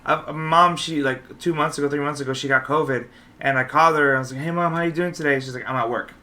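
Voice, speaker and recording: Male podcast host, casual chat; quick, animated storyteller with a somewhat high, bright voice. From Los Angeles. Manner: animated storyteller, swears freely.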